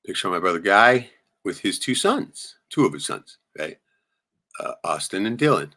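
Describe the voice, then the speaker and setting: Brief: middle-aged male streamer, lowish voice, foul-mouthed, rambling, jumps loud and high in spots. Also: big pitch swings, moderate pace. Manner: profane, rambling storyteller with sudden loud jumps. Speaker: live streamer. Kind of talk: casual venting monologue showing photos.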